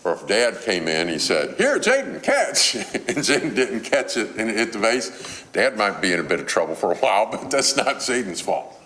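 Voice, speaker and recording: Man, deep voice, sermon, storytelling, acts out scolding, faint room hum. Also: expressive, a little fast, a bit bright. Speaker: preacher.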